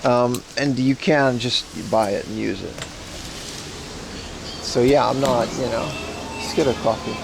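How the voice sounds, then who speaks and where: A man's voice: medium pitch, measured pace, vocal fry, pauses often, noisy background. A man from the Netherlands hosting a casual outdoor livestream, rambling and laughing as he walks through a rainy mountain town. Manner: chatty, rambling, laughs often. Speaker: livestream host. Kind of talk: casual IRL livestream chat.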